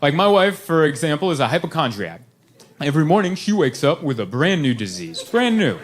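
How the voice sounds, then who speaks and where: A man performing a stand-up comedy set on a club stage, telling stories animatedly and putting on high voices for his wife. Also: big pitch swings, fairly quick. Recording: live club recording with crowd noise.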